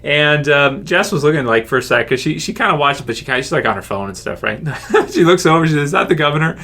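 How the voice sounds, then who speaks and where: A man's voice: fairly high pitch, animated, quick pace, sharp tone. A man hosting a casual viewer Q&A. He reads out fan questions and answers them in a rambling, chatty way, laughing often. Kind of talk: casual Q&A chat.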